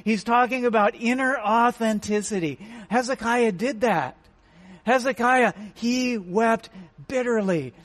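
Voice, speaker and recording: A man's voice: high voice, dry recording. A man pastor giving a sermon in an earnest, plain way, often repeating words for emphasis.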